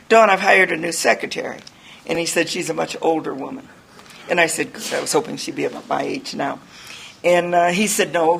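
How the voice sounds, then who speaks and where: Gravelly-voiced older woman telling her story. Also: fairly low pitch, a little hiss or hum, rough recording. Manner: candid storytelling, rambling, self-mocking. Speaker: recovery speaker. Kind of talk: personal testimony talk.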